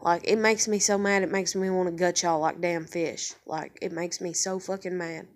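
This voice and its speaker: A woman's voice: on the low side, fairly even intonation, normal speed. A woman with a daughter giving a blunt, heated personal rant to camera, swearing nearly every sentence and using y'all and fixing to. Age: adult with a daughter. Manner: profane, heated, swearing constantly; Southern-style speech with y'all and fixing to. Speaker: vlogger.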